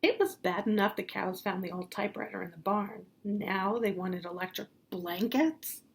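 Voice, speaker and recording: A woman reading a picture book aloud to children in a gentle, playful way, pausing to point out the pictures. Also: medium pitch, fairly even intonation, gravelly, a little hiss or hum. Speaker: storybook reader for children.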